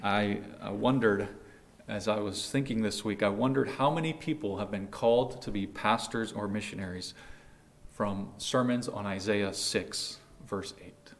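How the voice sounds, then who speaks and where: A man preaching a sermon, earnest, rising loud on quoted lines and dropping soft at phrase ends. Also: lowish voice, a little slow. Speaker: pastor.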